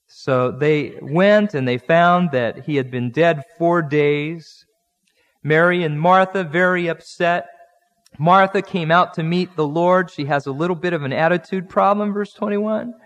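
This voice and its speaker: A man's voice: a little high, expressive, moderate pace. A male pastor preaching a conversational sermon, acting out the people in the Bible story in everyday speech. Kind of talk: expository sermon. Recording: long hall reverb.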